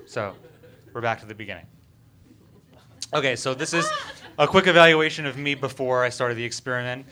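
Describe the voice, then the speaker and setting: A man performing a stand-up bit in a mock-serious, deadpan presentation style, with frequent hesitant fillers, on a stage microphone. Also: medium pitch, fairly quick, pauses often. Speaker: comedian.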